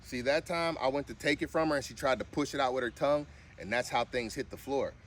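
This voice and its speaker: A man's voice: quick pace, fairly bright tone, slight background noise. A man filming a casual vlog while training his service dog, mixing firm short commands with chatty explanations. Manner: firm short commands, with high sing-song cues.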